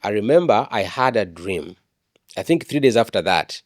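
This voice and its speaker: A man's voice: on the low side, animated, moderate pace, no echo, clean studio sound. A man, an evangelist telling his personal testimony in an interview, earnest and often repeating words and restarting.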